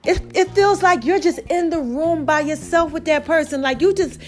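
A woman casually telling a story to her viewers, animated and emphatic, speaking straight to the audience. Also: very high-pitched, moderate pace, a little hiss or hum.

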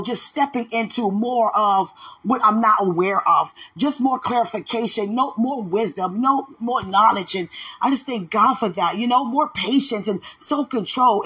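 A woman who runs a ministry, praying out loud and talking about her faith in a fervent, exclamatory way. She swings from loud bursts of praise down to quiet murmurs. Her voice is bright and a little husky. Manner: swings between loud outbursts and low murmurs. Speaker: ministry leader. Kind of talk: spontaneous prayer and spiritual talk.

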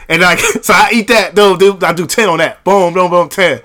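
A man co-hosting a podcast in casual chat, an animated storyteller who acts out the people in his stories. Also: high-pitched, moderate pace. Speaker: podcast co-host.

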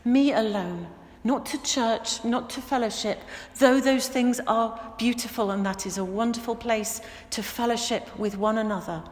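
A woman pastor preaching a sermon in a church, earnest and emphatic, slowing down to stress key words. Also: on the high side, fairly even intonation. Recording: echoey church with long reverb.

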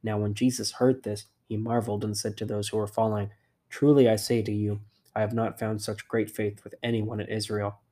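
A man giving a steady, measured scripted Bible reading, slowing down for emphasis on quoted words. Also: lowish voice. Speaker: scripture reader.

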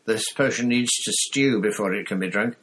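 A man's voice: lowish voice, animated, measured pace, fairly bright tone, pitched above the performer's own voice. A man reading an audiobook, voicing a cold, sneering male potions teacher. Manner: cold, cutting.

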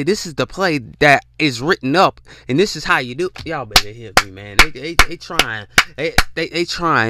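Man podcast host with a bright, fairly high voice, talking in a preachy motivational way. He keeps calling out to his listeners and trips over repeated words as he restarts. His voice sounds dry and close, with no room echo. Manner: repetitive call-outs to listeners; stammering restarts.

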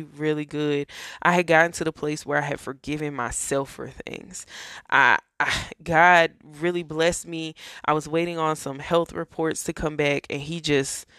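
A woman's voice: deep voice, a bit bright, clean tone, no echo, studio quality. A woman giving an earnest, casual personal faith testimony, talking to her viewers as y'all and friends. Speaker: faith vlogger.

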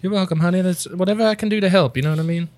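A man's voice: high voice, racing, darkish tone, no room sound, close to an everyday voice. A man voicing a timid grieving mother in an improvised comedy scene, meek and hesitant.

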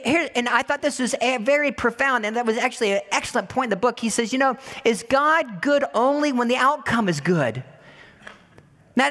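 A woman's voice: sits high, a bit bright. Woman preacher, sermon, chatty delivery, repeats words for emphasis, rhetorical questions, long reverb of a church hall.

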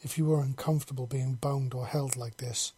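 A man voicing a gentle, devoted female alien who speaks softly and reassuringly in a storybook reading. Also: mid-range voice, steady tone, brisk, breathy edge, no room sound, close to an everyday voice. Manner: soft, reassuring.

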